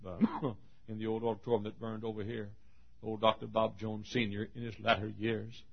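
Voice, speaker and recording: A male pastor preaching a sermon in a church, with rhythmic repeated refrains that swing from loud calls to hushed asides. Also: on the low side, flat delivery, normal speed, vocal fry, dull audio. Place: church auditorium.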